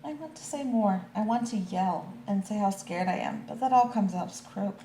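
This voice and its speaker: A woman voicing small scared animals in a picture book with high, soft childlike voices. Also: expressive, moderate pace, echoey room, slight background noise, natural voice, rough recording.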